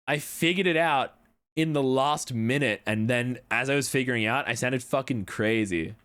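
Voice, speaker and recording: A man's voice: medium pitch, fairly bright tone, clear, resonant tone. A young man chatting casually on a livestream, rambling, swearing now and then, and answering chat messages. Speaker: streamer.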